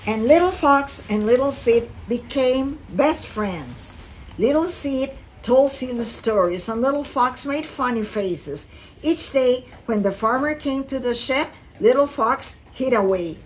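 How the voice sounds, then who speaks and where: A woman reading a picture book aloud to young listeners with expressive storytelling. Her voice sits a little high and carries a gentle teacherly tone. A faint hiss lingers in the background. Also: low-quality recording. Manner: expressive and slow-paced storytelling.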